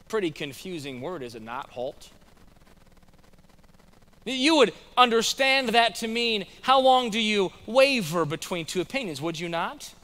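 American pastor guy, higher voice, chatty sermon, lots of church hall reverb. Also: a little slow. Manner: conversational preaching with animated acted-out quotes. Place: church sanctuary.

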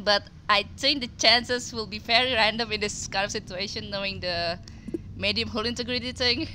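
A woman's voice: on the high side, a little hiss or hum, low-quality recording. A woman giving thinking-aloud commentary on her game run, nervous and hesitant, muttering her plans to herself. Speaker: gameplay commentator.

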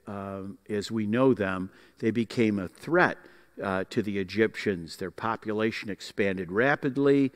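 A man teaching a Bible class in a folksy, explanatory way, pausing often to find his words. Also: medium pitch, big-room sound. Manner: folksy, explanatory, with frequent uh fillers.

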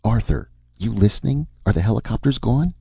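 A man's voice: deep voice, big pitch swings, moderate pace, gravelly, husky, dry recording, highs cut off, voice pushed up, exaggerated voice. A man doing a jittery, pleading schemer. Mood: urgent. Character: nervous, eager male schemer pushing drinks.

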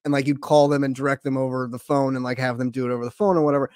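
A man's voice: medium pitch, steady tone, racing, a little mellow, no room sound, studio quality. A man co-hosting a casual podcast, telling an industry story with punchy emphasis. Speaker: podcast co-host. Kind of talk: casual chat.

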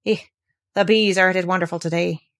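A woman's voice: fairly low pitch, steady tone, fairly quick, close to an everyday voice. A woman reading aloud and voicing a cheerful country boy who speaks in a plain, easy way.

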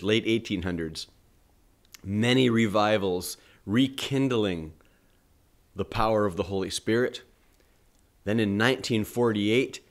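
Slow, hoarse, earnest male preacher. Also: on the low side. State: hoarse morning voice. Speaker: family ministry host. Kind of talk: devotional teaching and Bible reading.

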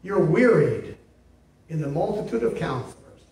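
A man's voice: a little high, very animated, normal speed, a little mellow, slight background noise. A male pastor preaching a sermon in an emphatic, repetitive way, often checking in with "see?". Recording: echoey room, mic at a distance.

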